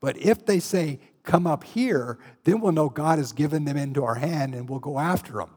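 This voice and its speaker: A man's voice: a little high, normal speed, darkish tone, breathy edge, big-room sound. A man preaching a sermon, retelling Bible stories and acting out the voices of the people in them. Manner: storytelling, acts out Bible scenes with shifting voices.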